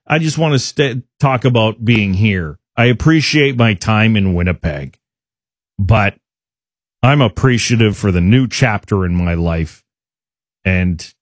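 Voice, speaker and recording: A hockey goalie mumbling flat, lower-pitched cliches about his new team, as a man mocks him. The delivery is dry and close. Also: no echo. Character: mocked hockey goalie giving a bland farewell speech.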